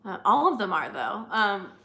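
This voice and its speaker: A woman's voice: medium pitch, very animated, normal speed, sharp tone. A young woman co-hosting a live stream, chatting casually with viewers in a rambling way full of fillers.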